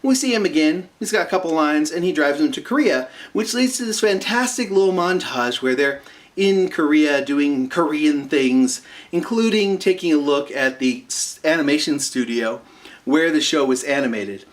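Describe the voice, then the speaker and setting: A man casually recapping a cartoon episode, rambling with asides and fillers and slipping into quick impressions of the characters. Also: on the high side, animated. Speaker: episode reviewer.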